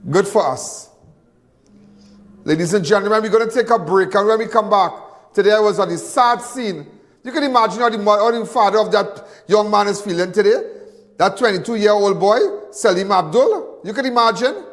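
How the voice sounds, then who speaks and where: Male crime-show host, very high voice, heated repetitive rant, reverberant room. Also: normal speed. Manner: angry, repetitive, stumbling restarts. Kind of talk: impassioned live TV commentary.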